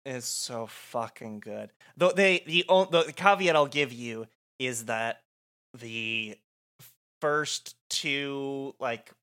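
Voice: medium pitch, slow pace, fairly bright tone, clean tone. A podcast co-host chatting casually, enthusiastic, swearing and laughing. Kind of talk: casual chat.

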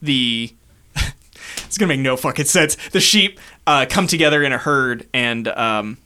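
A man runs a tabletop game, narrating scenes in a rambling way with frequent fillers. His voice is bright and forceful. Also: mid-range voice, unhurried, a little hiss or hum. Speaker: game master.

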